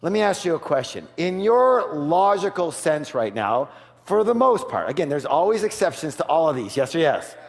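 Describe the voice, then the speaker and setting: A man giving an energetic sales seminar, asking the audience for call-and-response and switching to a soft, quiet voice to act out offers. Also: fairly high pitch, moderate pace, gravelly. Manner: drops to a soft, quiet voice for role-played offers. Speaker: seminar speaker. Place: large hall with a live audience. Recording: long hall reverb.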